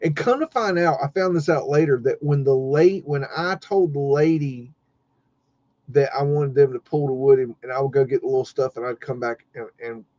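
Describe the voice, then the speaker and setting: Middle-aged guy ranting on a live stream, swears a lot, mellow voice, kinda muffled lo-fi sound. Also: medium pitch, normal speed, dry recording. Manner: animated and profane, acting out quoted people. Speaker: podcast co-host. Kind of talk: casual live-stream storytelling. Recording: dull lo-fi stream audio.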